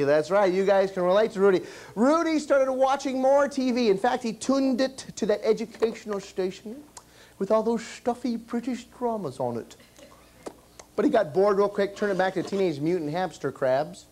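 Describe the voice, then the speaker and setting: A man's voice: sits high, normal speed. A man performing as a children's entertainer, telling a comic story on stage and firing questions at the kids. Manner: animated, quizzes the kids.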